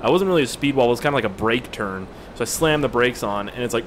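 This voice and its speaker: A young man talks casually over his gameplay, rambling and swearing freely, easily amused. His voice sits at a middle pitch and sounds a little tired. Faint game noise runs underneath. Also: rapid-fire, few pauses. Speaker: gaming video creator.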